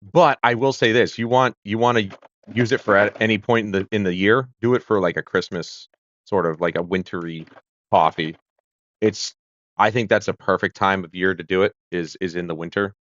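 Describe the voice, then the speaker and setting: A man from the United States hosts a casual livestream, wandering from point to point with plenty of fillers and restarts. His voice sits low. The audio is dry and a little dull, like a home streaming setup. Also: fairly even intonation, moderate pace, fairly bright tone, no echo. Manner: rambling, chatty, with fillers and self-corrections. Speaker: livestream host. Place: home room with a kitchen corner.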